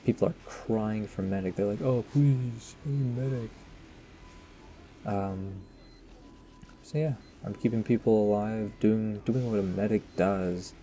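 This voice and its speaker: Man, gaming commentator, rambling and self-mocking, warm dark tone. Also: fairly low pitch, fairly even intonation, unhurried, slight background noise. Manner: rambling, self-mocking, joking asides to viewers. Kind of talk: casual post-game commentary.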